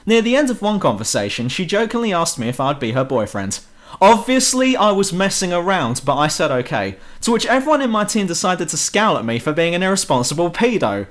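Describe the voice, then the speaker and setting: Brief: young British guy ranting about a game, sarcastic and sweary, animated intonation, home-mic voice-over. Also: mid-range voice. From Britain. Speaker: game reviewer. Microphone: home computer mic.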